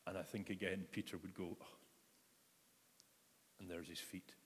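A man's voice: low voice, little pitch movement, brisk, slight background noise. A man preaching a reflective sermon, retelling a story and inviting his listeners to picture it. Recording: echoey hall reverb.

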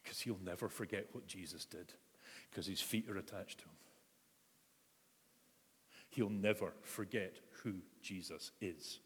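A man's voice: low-pitched, unhurried, long pauses, slightly rough. A man preaching a reflective sermon, retelling a story and inviting his listeners to picture it. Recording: echoey hall reverb.

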